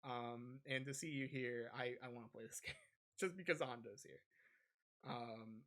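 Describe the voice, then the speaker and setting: On a gaming podcast, a male co-host chats loosely in a medium-pitched, slightly bright voice at a moderate pace. He rambles, packing his talk with fillers and restarts.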